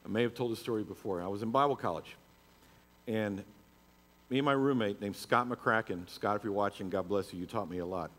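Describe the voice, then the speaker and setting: A man's voice: fairly low pitch, fairly quick, fairly bright tone. Middle-aged male pastor, storytelling sermon voice, reverberant church hall. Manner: storytelling, rising to emphatic preaching. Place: church sanctuary.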